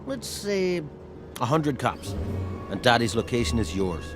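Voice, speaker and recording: An actor with an Irish accent playing a sly, scheming male saloon owner in a video game, talking in a smooth, sardonic, wheedling way. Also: medium pitch, sing-song, measured pace. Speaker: game character. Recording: game audio with music underneath.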